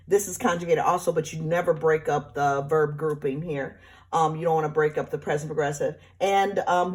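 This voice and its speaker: A woman's voice: on the low side, a little mellow. Patient woman teaching a grammar lesson. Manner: patient, explanatory, repeats with checks like right and okay. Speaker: Spanish teacher. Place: classroom or home, remote teaching.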